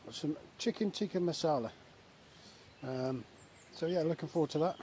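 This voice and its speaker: A man talking casually in a relaxed, chatty way with many fillers, filming a vlog at a woodland camp outdoors. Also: on the high side, normal speed. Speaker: vlogger. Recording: outdoor recording with faint nature noise.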